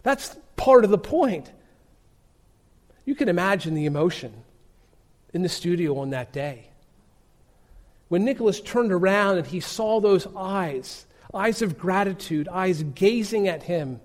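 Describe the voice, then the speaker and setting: Earnest man preaching, higher voice. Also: lively intonation. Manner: earnest, emphatic, dramatic pauses. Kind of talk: sermon storytelling.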